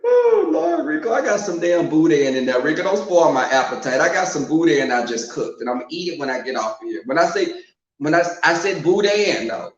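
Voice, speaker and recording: A man with a fairly high, lively voice talks a little fast while hosting a casual live online stream, speaking frankly and with sass straight to his viewers. The audio sounds dull and echoey, like it was captured in a room.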